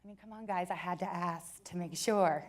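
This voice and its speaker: A woman in her forties giving a personal storytelling talk to an audience, joking at times and turning soft and earnest at others. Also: lowish voice, moderate pace. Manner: warm joking storyteller, switches between laughs and soft earnest passages. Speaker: company speaker.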